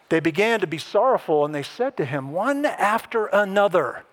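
A man preaching a sermon as a pastor, conversational with wry asides and lively emphasis. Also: a little high, moderate pace.

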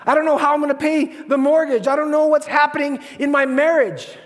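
A man's voice: extremely high pitch, normal speed, in a large hall. A man voicing a desperate person crying out to God in a frantic, pleading way.

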